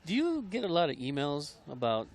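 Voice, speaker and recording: A man's voice: a little high, wildly swooping pitch. Laid-back male color commentator. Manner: laid-back, quick interjections and jokes. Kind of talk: live sports commentary. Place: outdoors at a paintball field.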